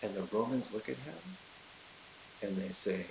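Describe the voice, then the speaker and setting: A man's voice: on the low side, lively intonation, normal speed, vocal fry. A man teaching a class in a chatty storytelling way, with many fillers and asides, recorded in an echoey room with hiss. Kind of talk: casual classroom lecture.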